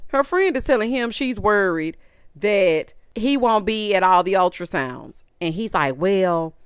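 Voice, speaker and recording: Sassy woman dishing on reality tv, smooth clear voice, dry close sound. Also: mid-range voice, animated, measured pace, no echo. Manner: sassy, exasperated, quotes people in voices. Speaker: reality TV recap host. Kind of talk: casual commentary recap.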